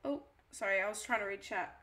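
A woman's voice: medium pitch, a little fast, bright, forceful tone, faint music behind. A young woman streaming a game, chatting casually to herself and reading chat aloud. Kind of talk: casual live-stream chatter while playing a cooking game.

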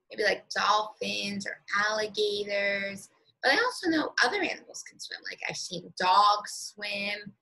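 A woman teacher leading a guided reading lesson for young children, speaking slowly and encouragingly and stretching out words. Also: medium pitch, creaky, pushed and bright, breathy edge, rough recording.

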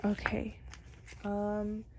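A woman's voice: medium pitch, monotone, extremely slow, noisy background. Chatty young woman unboxing with faint clicks. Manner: chatty and playful, often laughing, with dramatic complaints. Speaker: album unboxing vlogger. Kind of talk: casual unboxing chat.

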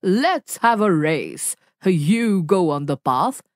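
A woman reading a storybook aloud and voicing the big bad wolf, a sly male wolf with a slow, growling manner. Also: lowish voice, sing-song, dry recording, studio quality.

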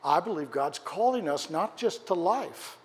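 A man preaching a sermon as pastor, telling a story dramatically and asking the congregation questions, his voice rising for quoted shouts and dropping low for emphasis. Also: animated, measured pace. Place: church sanctuary. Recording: church hall with long reverb.

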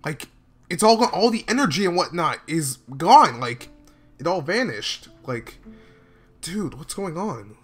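A reaction video host, a man with a high, husky voice, reacts live to what he's watching, swinging widely from hushed murmurs to excited outbursts and often breaking into exclamations and laughs. He speaks in an unhurried, drawn-out way, packed with casual slang and filler talk, and his tone is bright and forward. Faint music plays behind him.

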